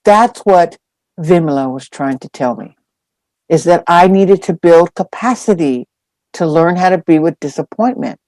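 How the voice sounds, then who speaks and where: Woman, dharma teacher, lively storytelling, unhurried delivery, dry sound. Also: on the low side, dry recording. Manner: lively anecdotal storytelling with acted-out quotes. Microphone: online call.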